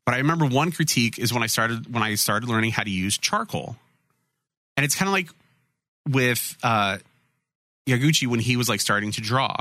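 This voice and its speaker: Male podcast host, casual chat, bright forceful tone, rambling and profane, dry close mic. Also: medium pitch, lively intonation, moderate pace, dry recording.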